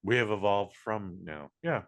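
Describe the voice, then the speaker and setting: A man with a low-pitched voice co-hosting a podcast in relaxed, casual chat. He is chatty, agrees readily and jumps in to set the facts straight. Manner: chatty, quick to agree, breaks in with corrections. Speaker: podcast co-host.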